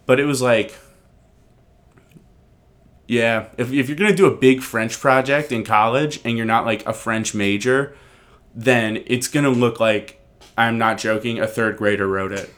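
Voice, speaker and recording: A man's voice: mid-range voice, a little slow, pauses often, a bit bright. A man in his twenties hosting a casual chat, loose and joking, swearing freely. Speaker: podcast host.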